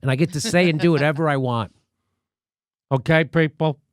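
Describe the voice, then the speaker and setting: A man's voice: on the high side, rapid-fire, no echo, clean studio sound. A man hosting a comic political commentary show, ranting sarcastically and swearing often. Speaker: host.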